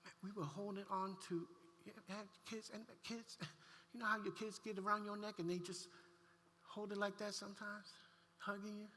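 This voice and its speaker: A man preaching a sermon, telling a heartfelt personal story with animated delivery and frequent restarts. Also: sits high, normal speed, slight background noise. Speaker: pastor. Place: church sanctuary. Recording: long church hall reverb.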